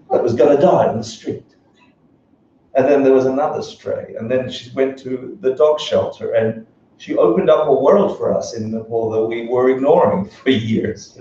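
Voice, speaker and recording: A man teaching a relaxed class on Buddhism, joking and laughing often as he talks. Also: medium pitch, far from the mic, a little hiss or hum. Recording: echoey dull room recording from afar.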